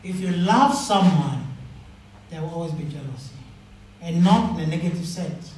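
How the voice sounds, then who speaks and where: A man preaching a sermon as pastor, telling stories and acting out the dialogue with rising pitch. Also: lively intonation, moderate pace, a little mellow, far from the mic, a little hiss or hum. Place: church. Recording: echoey church hall, mic from afar.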